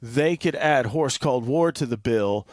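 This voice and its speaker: A man's voice: medium pitch, animated, measured pace, no echo, studio quality. A man hosting a podcast, chiming in with short remarks during casual chat. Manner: interjects short agreeing remarks. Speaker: podcast host. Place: podcast studio.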